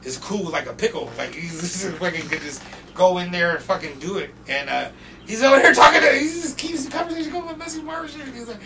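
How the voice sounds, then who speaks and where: A young man from North Portland, Oregon, guesting on a podcast and telling profane, animated stories full of acted-out quotes. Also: high voice, fast talker, crowd noise. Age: young adult. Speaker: guest rapper. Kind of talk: casual storytelling interview. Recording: distant mic with noisy background.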